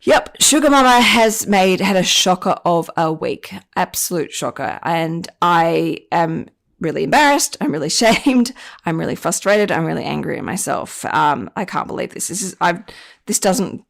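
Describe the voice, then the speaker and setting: A woman's voice: low-pitched, expressive, moderate pace, gravelly. A woman hosting a personal finance podcast, telling a candid, self-deprecating story about her own mistakes. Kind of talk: confessional podcast monologue.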